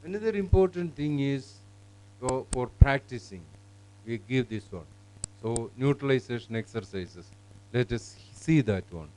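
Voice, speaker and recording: A man demonstrating teaching software, explaining in a halting way with fillers and restarts. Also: mid-range voice, animated, poor audio. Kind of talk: live classroom software demonstration.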